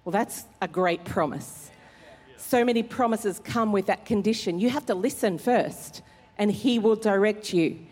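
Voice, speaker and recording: A woman pastor preaches a sermon in a church service hall, earnest and conversational, with filler words. Her voice is medium-pitched, unhurried, husky and darkish, and the recording carries long hall reverb.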